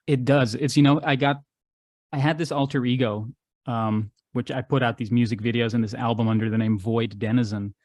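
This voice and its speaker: A man's voice: mid-range voice, steady tone, fairly quick, darkish tone, no echo. Male artist-guest who tells long, musing stories in a dry, close recording. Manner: expansive, philosophical storytelling. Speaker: regular podcast guest, artist and musician. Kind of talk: casual conversation.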